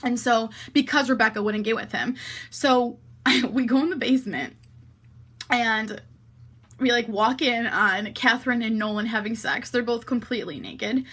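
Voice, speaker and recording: A young woman vlogger telling a wild night-out story in casual, animated speech, full of "like" and swearing. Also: a little high, normal speed, breathy edge. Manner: animated, heavy use of "like" and swearing.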